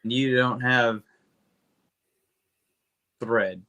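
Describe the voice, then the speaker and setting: A man co-hosting a podcast, rambling through a comic book recap with lots of swearing and quick character asides. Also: medium pitch, steady tone, bright, forceful tone. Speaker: podcast co-host.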